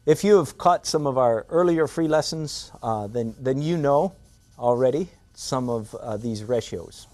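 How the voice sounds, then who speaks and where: A man's voice: mid-range voice, animated, measured pace, darkish tone. Older man teaching drawing, playful. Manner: playful, self-mocking, rhetorical asides. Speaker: art instructor. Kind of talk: drawing lesson demonstration.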